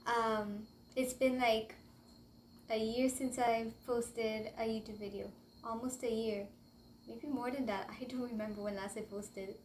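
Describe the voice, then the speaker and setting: A young woman from Trinidad with a Trinidadian accent, telling a rambling, excitable storytime to camera and slipping into local dialect. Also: on the high side, a little slow, slight background noise. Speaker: vlogger. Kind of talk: casual storytime chat to camera.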